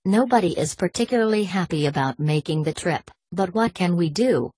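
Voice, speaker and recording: A woman's voice: on the low side, expressive, moderate pace, breathy edge, no echo. A woman reading a haughty old knight. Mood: imperious. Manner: haughty, sharp-tongued. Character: pompous scheming older British knight on crutches.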